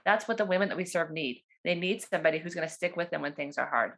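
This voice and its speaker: Woman, doula, fast and animated storyteller on a video call, casual and excited. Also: fairly low pitch. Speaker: doula and birth worker.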